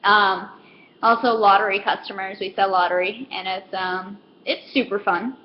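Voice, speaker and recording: A woman's voice: mid-range voice, fairly even intonation, normal speed, highs cut off, slight background noise. A woman who works in retail, rambling through a casual comedic rant with lots of fillers and self-deprecating asides. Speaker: retail store worker.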